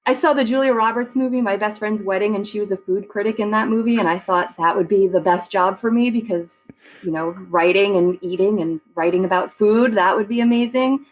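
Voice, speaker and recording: A woman's voice: medium pitch, a little fast, poor audio. Woman, forties, from long island, chatty, casual podcast guest, easy laughter. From Long Island, New York. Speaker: real estate agent, podcast guest. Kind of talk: casual interview chat.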